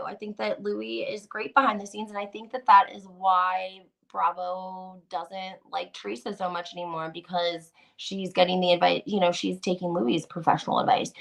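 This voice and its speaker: A woman hosting a gossip livestream, chatting casually and reading out viewer comments in an animated, opinionated way. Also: on the low side, vocal fry. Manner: animated, gossipy, many "like"s and restarts.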